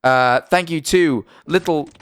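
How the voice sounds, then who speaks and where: A man's voice: on the high side, takes it slowly, a bit bright, clear, resonant tone, dry recording. A young man with a British accent, chatting casually on a live stream and often correcting himself as he rambles. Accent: British English.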